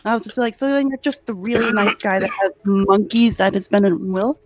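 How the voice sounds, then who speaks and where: A woman's voice: mid-range voice, brisk, slight background noise. A woman playing a tabletop game who giggles as she slips in and out of her character's lines. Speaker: player.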